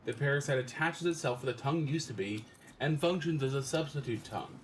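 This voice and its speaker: A man's voice: medium pitch, fairly quick, a little hiss or hum. A man chatting on a gaming stream, reading chat messages aloud and explaining things in detail.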